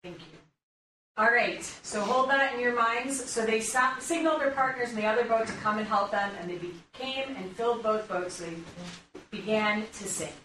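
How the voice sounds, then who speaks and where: A woman's voice: on the high side, moderate pace, bright, forceful tone. A woman leading a conversational sermon, engaging her group with questions as she talks through a Bible passage. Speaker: pastor or Bible study leader. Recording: roomy, distant mic, faint room noise.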